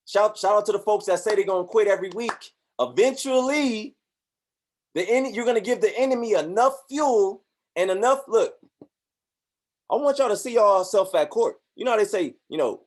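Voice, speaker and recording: A man giving a motivational talk, preachy and animated, acting out voices in his stories. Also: high-pitched. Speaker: motivational speaker.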